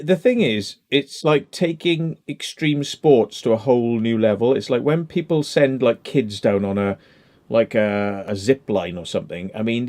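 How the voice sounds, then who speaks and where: A man's voice: medium pitch, a little mellow. A man, hosting a casual commentary chat, blunt and emphatic with heavy swearing. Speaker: channel host.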